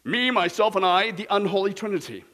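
A man's voice: high-pitched, a little fast, pitched below the performer's own voice. A man voicing a self-centered churchgoer who demands that everything revolve around him. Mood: boastful. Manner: loud, boastful, demanding.

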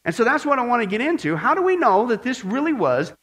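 Animated high-voiced man preaching. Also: fast talker. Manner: animated, swinging from loud exclaiming to hushed prayerful tones. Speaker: pastor. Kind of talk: sermon.

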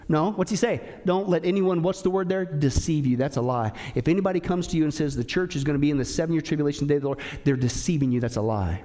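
A man with a high-pitched voice preaches a sermon. He keeps asking his listeners rhetorical questions and stresses his points hard. He drops to a hushed tone for the serious lines. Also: fast, hardly any pauses. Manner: emphatic, rhetorical questions, swings between loud and hushed. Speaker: pastor.

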